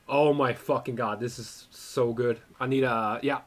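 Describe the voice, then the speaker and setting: A young man giving casual, excitable commentary while playing a game, swearing a lot and calling the viewer "bro". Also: mid-range voice, normal speed. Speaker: gaming video creator.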